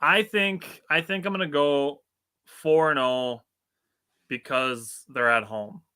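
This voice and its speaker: A man's voice: fairly high pitch, slow, bright, forceful tone, smooth. A young man from Wisconsin with a Wisconsin accent, co-hosting a casual sports podcast in a chatty, easygoing way. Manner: chatty, laughs easily, puts on silly accents.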